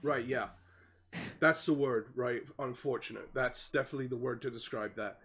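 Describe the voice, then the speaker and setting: A man's voice: medium pitch, normal speed, fairly bright tone, slightly rough. A man voicing a teenage jock who is awkward and apologetic, mumbling and hedging in laid-back slang.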